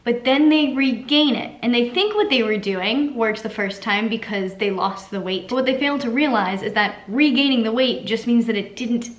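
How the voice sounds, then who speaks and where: A woman's voice: on the high side, animated, normal speed, hardly any pauses. Chatty, upbeat woman in an echoey room. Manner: chatty, upbeat, many likes and laughs. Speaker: fitness vlogger. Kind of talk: casual vlog chat. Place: home kitchen, then out and about. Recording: echoey room, faint background noise.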